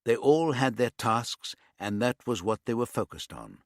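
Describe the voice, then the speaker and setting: A male audiobook narrator with a mid-pitched voice that moves with lively rises and falls. He reads a crime story in a measured way, recorded dry and close with no room sound. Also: no room sound.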